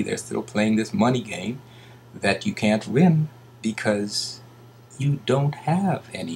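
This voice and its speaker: A man giving a rambling casual monologue, swinging between loud bursts and hushed asides and mocking others in put-on voices. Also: on the low side, a little slow, creaky, a little hiss or hum.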